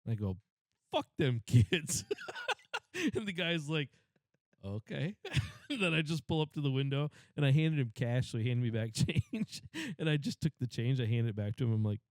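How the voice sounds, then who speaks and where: Middle-aged male podcast co-host, laughing anecdote teller, plain mid pitch, dry close sound. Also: expressive, fairly quick, a little mellow, no echo. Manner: tells funny anecdotes, laughs often. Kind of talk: casual chat.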